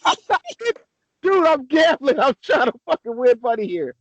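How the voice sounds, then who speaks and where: A young man on a casual sports podcast, ranting excitably and swearing a lot. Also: very high-pitched, normal speed, dry recording, low-quality recording. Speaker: podcast co-host.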